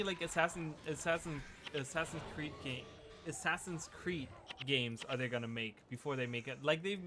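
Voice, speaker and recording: A man giving casual, rambling commentary while playing a video game, often restarting his sentences. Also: fairly high pitch. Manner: rambling, chatty, many restarts. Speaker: gaming video creator. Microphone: USB desk microphone. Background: game music.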